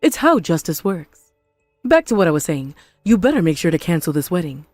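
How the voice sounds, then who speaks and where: A woman voicing a spiteful, possessive mother-in-law in an animated story, scornful and melodramatic. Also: lowish voice, brisk, no room sound, faint music behind. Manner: scornful, melodramatic, self-pitying.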